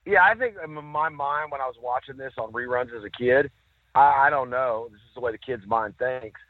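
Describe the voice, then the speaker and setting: A man co-hosting a casual chat, telling stories with lively acted-out quotes. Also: medium pitch, normal speed, no echo. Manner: animated storyteller, acts out quotes. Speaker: podcast co-host. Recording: dry, tinny phone-like sound.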